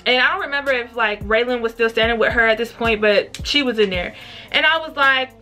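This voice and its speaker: A young woman vlogger telling a story in a blunt, profane and animated way. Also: on the high side, fast talker, soft background music. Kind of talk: casual storytime.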